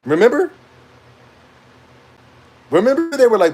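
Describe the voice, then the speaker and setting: A young man rants casually to camera in a fairly high voice, wandering from point to point. He talks in loose slang and breaks into laughter often. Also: expressive, normal speed. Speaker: gaming commentator.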